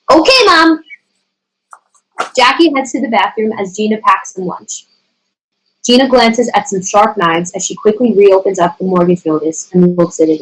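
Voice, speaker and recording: A woman's voice: medium pitch, rough recording. A woman steadily reading the stage directions aloud at a screenplay table reading.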